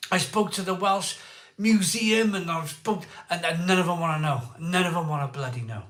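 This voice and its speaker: An excitable man hosting a casual live stream, chatting with viewers, repeating himself and laughing often. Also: fairly high pitch, moderate pace, roomy sound. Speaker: live-stream beer show host. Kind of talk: casual live chat reading viewer comments.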